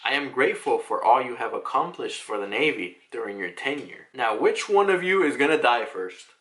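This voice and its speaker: A man voicing a cold, cruel male demon noble who makes slow, measured threats. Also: mid-range voice, lively intonation, fairly bright tone, lightly acted, low-quality recording. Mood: coldly menacing.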